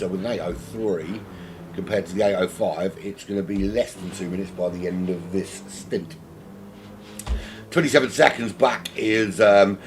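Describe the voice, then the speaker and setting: A man's voice: sits low, a little hiss or hum. A man from South London with a South London accent, commentating on a sim race from home in a rambling, self-mocking, chatty way.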